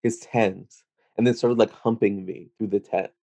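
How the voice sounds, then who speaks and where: Comedian guest, male, thirties, low and gravelly, casual and rambling. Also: steady tone, normal speed, warm tone, no room sound. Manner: rambling, filler-heavy storytelling. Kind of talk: casual chat.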